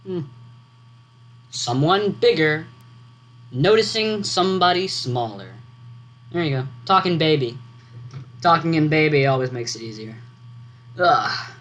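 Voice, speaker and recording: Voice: mid-range voice, lively intonation, unhurried, long pauses. Voice rambling through a vlog. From United States. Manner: meandering, self-correcting, thinking aloud. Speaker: writing vlogger. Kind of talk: casual rambling vlog commentary. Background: loud computer fan hum.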